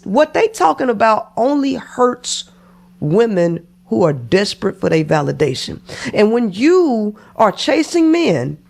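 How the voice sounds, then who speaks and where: A man commenting on a dating clip in a slow, unhurried lecture, often starting with "see". His voice has a gravelly, frayed texture. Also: extremely high pitch. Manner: preachy, repeats "see". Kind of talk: reaction commentary.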